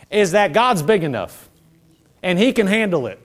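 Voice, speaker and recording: Man preaching, high voice, very lively, call-and-response, chatty asides. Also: brisk. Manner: conversational, restarts and asides. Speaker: pastor. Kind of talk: sermon.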